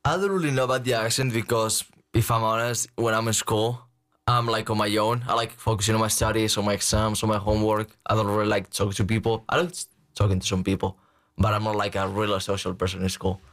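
A man's voice: fairly low pitch, quick pace. A young man from Spain with a Spanish accent, a guest chatting casually and telling stories full of "like". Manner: relaxed, filler-heavy storytelling with frequent "like". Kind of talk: casual chat.

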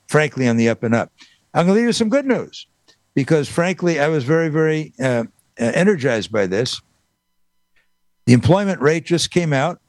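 A man's voice: medium pitch, darkish tone, no echo. A man hosting a political talk radio show, emphatic and repeating his points for stress.

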